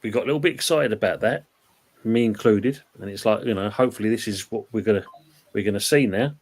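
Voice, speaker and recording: A fairly low-voiced man hosts a relaxed live-stream chat about football. He talks in a loose, rambling way and stops now and then to read viewer comments aloud. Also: fast talker. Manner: chatty, reads out viewer comments. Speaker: host.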